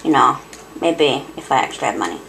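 A woman giving gameplay commentary through a cheap headset, excitable and giggly, swearing and muttering to herself. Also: very deep voice, a little fast, creaky, slight background noise. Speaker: let's play host.

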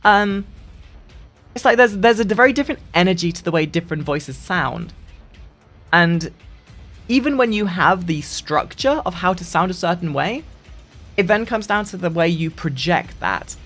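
A gaming streamer giving a casual voice-training tutorial in a lively, sing-song way, often restarting sentences. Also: moderate pace, faint music behind. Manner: lively, sing-song delivery with frequent restarts, dropping into deep demo voices.

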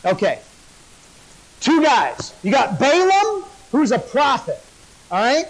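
A man's voice: extremely high pitch, huge pitch swings, takes it slowly, low-quality recording. A male pastor preaching a sermon, folksy and joking as he tells a story.

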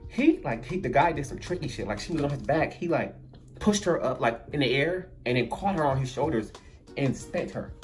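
Animated man telling a comic story. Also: mid-range voice, brisk, faint music behind. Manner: animated, acts out other people's voices.

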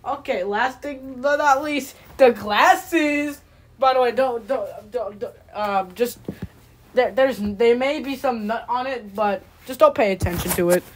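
A woman runs a puppet comedy skit in a bossy, giggly way. Her voice sits a little high, with a faint hiss on the home recording. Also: a little slow. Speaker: puppeteer host.

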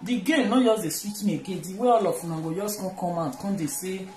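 A woman's voice: mid-range voice, a little fast, few pauses, darkish tone, echoey room, a little hiss or hum, low-quality recording. A woman with a Nigerian accent chatting casually and teasingly while doing chores in her kitchen, rambling and switching between languages. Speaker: vlogger. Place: home kitchen.

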